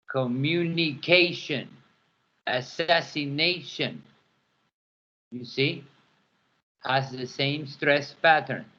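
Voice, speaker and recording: Slow, bright-voiced teacher. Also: male voice, mid-range voice. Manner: repeats words slowly to model stress. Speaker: English teacher. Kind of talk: classroom pronunciation lesson. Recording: dull lo-fi classroom recording.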